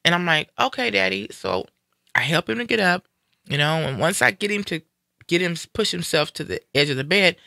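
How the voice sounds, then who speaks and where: A man talks in a casual live-stream conversation, his voice bright, sharp and pushed forward, a little higher than most men. He retells a personal story with animation, acting out each quoted line as he goes. The sound is dry and close. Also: sing-song, normal speed, gravelly, no room sound. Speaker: guest sharing a personal story.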